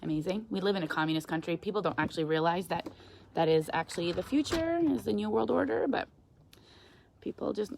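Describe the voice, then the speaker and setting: Woman, live-stream guest, chatty, animated, upbeat motivational talk. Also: lowish voice, fast talker, gravelly. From Canada. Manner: chatty, animated, reads viewer comments aloud. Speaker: guest speaker.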